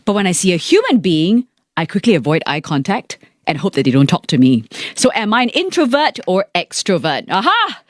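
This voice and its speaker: A woman's voice: on the low side, fairly quick, dry recording. Singaporean lady radio host, bubbly and chatty, voice swinging up and down a lot, dry studio sound. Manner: animated, playful, reads listener messages aloud. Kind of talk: lively live radio chat. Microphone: studio mic.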